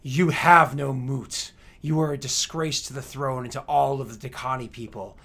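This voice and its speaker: A man's voice: mid-range voice, normal speed, fairly bright tone. A man voicing a stern, righteous male hobgoblin warrior who makes grave, accusing pronouncements. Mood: contemptuous.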